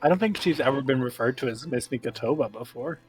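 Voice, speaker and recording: A man's voice: medium pitch, lively intonation, fast talker, a little mellow, faint music behind. A man co-hosting a game stream, chatting casually and teasing with a giggly manner over a voice call. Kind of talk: casual chat. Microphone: headset or desk mic on a voice call.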